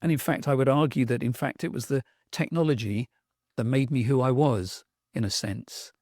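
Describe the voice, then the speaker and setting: The guest, a middle-aged South London sound artist from England, recounts stories on a podcast in an enthusiastic yet reflective way, restarting now and then. His medium-pitched, darkish voice moves at a moderate pace, captured in a clean studio with no room sound.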